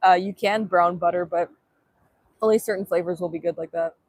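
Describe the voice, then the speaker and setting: A woman's voice: lowish voice, fairly even intonation, a little fast, darkish tone, no echo. A young woman chatting casually on a livestream outdoors at sunrise, reading chat aloud in a playful way, filmed on a handheld phone. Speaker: livestream vlogger.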